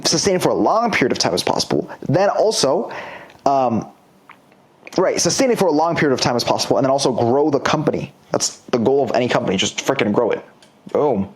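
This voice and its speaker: A man in his twenties giving a casual coaching lecture, emphatic and animated, swinging his pitch widely and acting out quoted voices. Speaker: online business coach.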